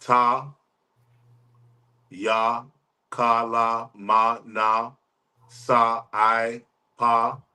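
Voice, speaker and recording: Bright-voiced man slowly reciting sounds. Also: mid-range voice, smooth. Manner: slow, flat, one sound at a time. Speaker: student in a class.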